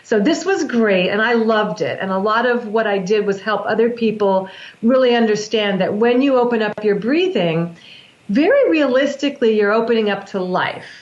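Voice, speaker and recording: A woman who works as a breathwork practitioner, explaining in a calm, measured way with frequent restarts. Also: on the high side, roomy sound, dull audio. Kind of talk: explanatory interview talk.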